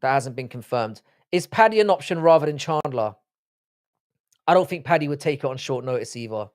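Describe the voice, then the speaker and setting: A man's voice: mid-range voice, lively intonation, a little fast. Sweary ranting man on a livestream. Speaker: livestream host. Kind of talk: live-stream chat reading comments.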